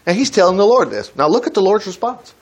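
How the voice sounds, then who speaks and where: A man gives an informal Bible lesson with a high, lively voice that leaps up and down. He reads scripture aloud, then breaks off with chuckling asides and acts out what the characters say. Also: fast, muffled recording. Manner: chuckles and breaks off to comment mid-reading. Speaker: Bible teacher. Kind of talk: conversational Bible teaching.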